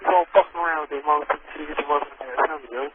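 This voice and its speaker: A man's voice: fairly high pitch, fairly even intonation, racing, crowd noise. A man answering a prank call, confused and irritated. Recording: noisy tinny phone line.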